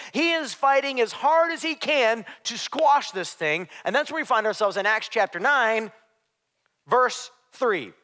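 A man's voice: very high-pitched, pushed and bright, in a large hall. A male pastor preaching a sermon in a church, emphatic and conversational, with side notes. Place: church sanctuary.

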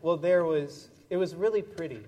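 A man leading a children's message in church, telling an animated, playful story with toys. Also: a little high, moderate pace. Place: large church sanctuary. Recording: long church reverb.

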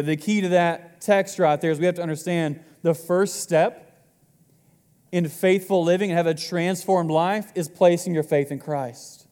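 A man's voice: fairly high pitch, warm tone, big-room sound. A man in his twenties preaching a sermon to his congregation in a casual, joking way. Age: 20s. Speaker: pastor.

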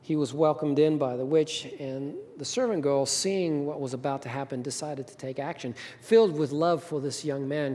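A man preaching a sermon as pastor, telling a story with emphatic rises and soft drops. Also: fairly high pitch. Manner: storytelling, rising to emphatic peaks then dropping soft. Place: church sanctuary. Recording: reverberant hall.

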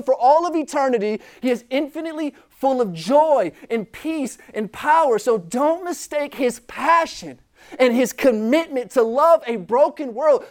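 A youth preacher giving an impassioned sermon straight to students, repeating key phrases and asking questions. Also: high-pitched. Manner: talks directly to the listeners, with questions.

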